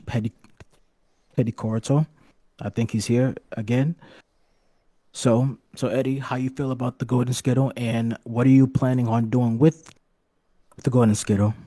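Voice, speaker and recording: A man hosting a comedic mock wrestling press conference, rambling and halting, with bursts of swearing. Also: medium pitch, dark tone, no room sound. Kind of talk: comedic hobby role-play.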